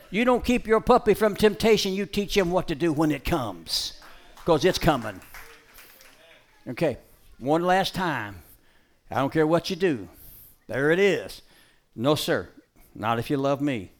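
A man with a drawl preaches from a stage, working a dog into his message. His voice sits a little high for a man. He is folksy and emphatic, dropping to quiet asides and then rising to loud calls. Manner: gives brisk dog commands. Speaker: preacher giving a dog-training demonstration. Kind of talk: live sermon demonstration. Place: stage before a live audience.

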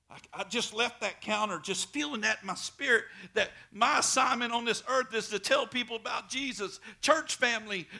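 Impassioned preacher, gravelly and bright. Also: male voice, very high voice, animated, normal speed. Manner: impassioned storytelling, building to shouted pleas. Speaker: pastor. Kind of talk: sermon. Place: church.

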